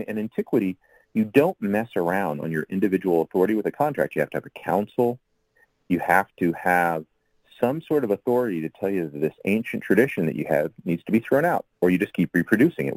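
Deep-voiced male guest, loose and chatty, circles back with asides. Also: darkish tone, dry recording, rough recording. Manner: rambling, with many fillers and asides. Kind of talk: casual explanatory talk.

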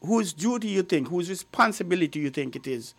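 A man's voice: sits high, animated, fairly bright tone, husky, no echo. A man hosting a radio talk show, asking his guest leading questions. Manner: leading questions, quick interjections. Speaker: radio host.

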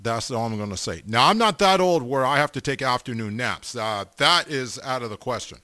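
A middle-aged man hosting a radio show, giving casual shout-outs to listeners with lots of fillers and repeated amens, speaking close to the mic. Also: mid-range voice, animated, a little fast, no room sound.

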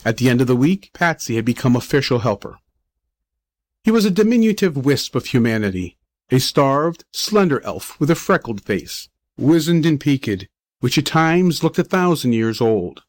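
A man reading a short story aloud as a volunteer audiobook reader, plain and measured. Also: mid-range voice, very animated, no echo. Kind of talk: scripted narration.

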